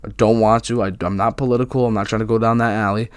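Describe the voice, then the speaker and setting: A man's voice: fairly low pitch, level tone, fast talker, smooth, no room sound, clean studio sound. A young man in his twenties hosting a casual solo podcast, talking candidly and rambling with many fillers and restarts. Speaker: podcast host.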